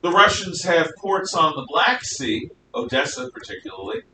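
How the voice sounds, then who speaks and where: A man's voice: lively intonation, normal speed, gravelly, bright, forceful tone. A man teaching a history class, lecturing in a rambling way with fillers and frequent self-corrections. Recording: echoey room, mic at a distance, faint rumble.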